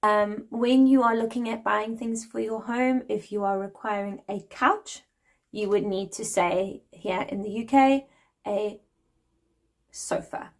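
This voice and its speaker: A woman's voice: mid-range voice, steady tone, a little slow. A woman in her forties from South Africa with a South African accent, explaining things in a friendly, chatty vlog and laughing lightly now and then. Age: 40s. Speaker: vlogger.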